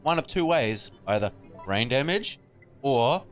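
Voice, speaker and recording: A man chatting casually over a game playthrough, tossing in quick profane reactions. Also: mid-range voice, expressive, a bit bright, soft background music. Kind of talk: casual let's-play banter.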